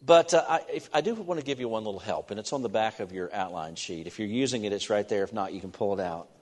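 A man's voice: lowish voice, animated, a little mellow. Guy preaching in church, earnest, stops and restarts a lot, long hall echo. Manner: earnest, halting with restarts and fillers. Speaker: pastor. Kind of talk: sermon. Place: church sanctuary.

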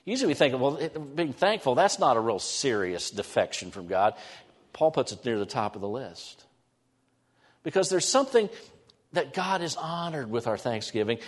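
Middle-aged male pastor, mid-pitched, lively conversational sermon, quick asides, dips into soft prayer. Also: big-room sound. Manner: conversational, animated preaching with sudden drops to soft prayerful tones. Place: church sanctuary.

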